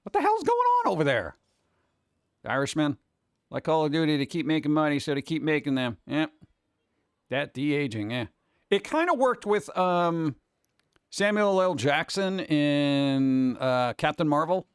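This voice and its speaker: A man's voice: a little high, lively intonation, measured pace, clean tone, dry recording, studio quality. A man hosting a casual live stream, chatting with his viewers in a rambling, jokey way and jumping from topic to topic. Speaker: cartoon creator and streamer host. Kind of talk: casual chat with a live chat audience.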